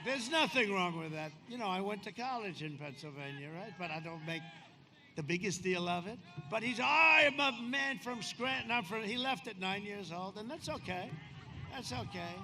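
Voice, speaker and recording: A man in his seventies giving a rambling, boastful campaign rally speech outdoors, swinging from shouting to quieter confiding asides. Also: high-pitched, moderate pace. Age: 70s. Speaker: politician speaking at a campaign rally. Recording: outdoor rally PA with crowd noise. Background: crowd ambience.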